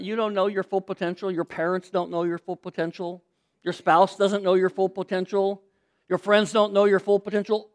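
A pastor delivering an emphatic sermon to a congregation, repeating key phrases and getting the audience to say words back with him. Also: male voice, high voice.

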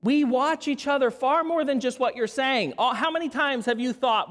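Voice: sits high, fairly bright tone. Earnest preacher repeating key lines. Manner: earnest, repeats key phrases and slows down for emphasis; addresses the audience as friends. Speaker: pastor. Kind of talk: sermon.

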